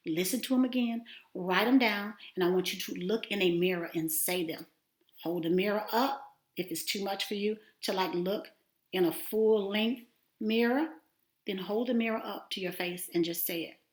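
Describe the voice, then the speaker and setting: A woman teaching a self-affirmation lesson in an encouraging, animated way, at times dropping to a near-whisper. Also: mid-range voice, moderate pace. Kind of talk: casual spoken lesson. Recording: roomy echo.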